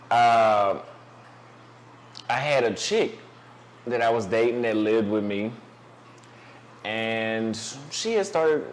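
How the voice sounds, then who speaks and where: A man's voice: mid-range voice, a little hiss or hum. Profane young man telling dating stories. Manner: loose, profane storytelling with rambling restarts. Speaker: dating advice vlogger. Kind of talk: casual monologue to camera.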